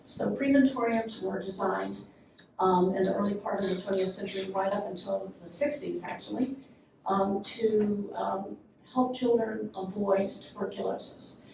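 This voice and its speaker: An older woman with a Southern accent and a gravelly edge, heard from some distance in a very echoey hall. She talks chattily with plenty of ums, then settles into an even, measured reading of her memoir. A faint room hum sits underneath. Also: medium pitch. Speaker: author and librarian. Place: event room at a literary festival.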